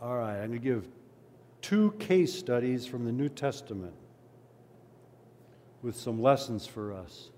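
A man's voice: mid-range voice, a little slow, long pauses, a little hiss or hum. A man preaching a sermon who reads scripture aloud, acts out its cries, and talks through it in a conversational way. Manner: animated, acts out the crowd's and beggar's cries; conversational asides. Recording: long hall reverb.

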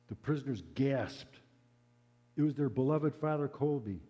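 Mellow-voiced preacher in a reverberant hall. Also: male voice, mid-range voice. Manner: earnest, measured, dropping to a hush at solemn moments. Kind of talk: sermon storytelling.

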